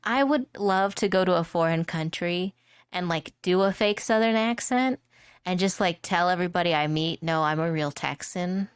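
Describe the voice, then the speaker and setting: Playful low-voiced woman streamer. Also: normal speed, clean tone, no room sound, clean studio sound. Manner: rambling, playful, jokey, laughs often. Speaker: vtuber streamer. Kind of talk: casual livestream chat while drawing.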